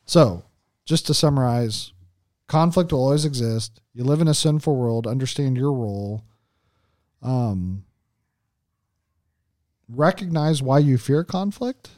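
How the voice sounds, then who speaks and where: A man in his thirties talks through relationship advice in an easy, conversational flow, often checking in with "right?" and restarting his sentences. His voice is mellow and dark, and it sits close and dry with no room sound. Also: medium pitch, lively intonation, unhurried, pauses often, no room sound. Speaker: co-host of a Christian marriage podcast. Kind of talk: casual teaching chat.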